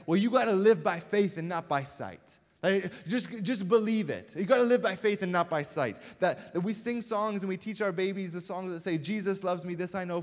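A young man gives a playful, storytelling sermon in a large church hall, his slightly high voice carrying a long reverb. He jumps between loud punchlines and quiet, earnest asides. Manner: joking storyteller, swings from loud to hushed. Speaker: pastor. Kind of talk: humorous sermon.

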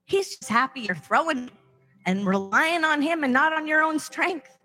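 A woman's voice: high voice, moderate pace, bright, forceful tone. A woman pastor preaching a sermon from a church stage, impassioned, acting out inner voices with big swings in tone.

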